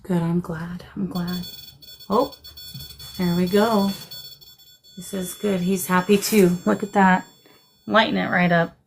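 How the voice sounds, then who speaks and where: Gentle woman giving a live spirit reading. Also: on the low side, steady tone, slow pace, creaky, long pauses, slight background noise, rough recording. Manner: gentle, soothing, addresses guests as darling and sweetheart. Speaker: psychic medium hosting a live stream.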